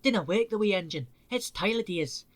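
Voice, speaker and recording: A man voicing a touchy little male engine with a Scottish accent and a hoarse, hushed way of talking. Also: sits high, animated, a little fast, soft background music, voice pushed up. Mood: gruff.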